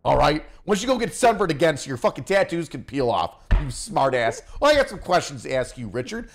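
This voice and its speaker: A man hosting a casual stream, roasting his guest with loud mock-angry rants and heavy swearing. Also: fairly high pitch, sing-song, brisk, few pauses. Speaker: podcast host.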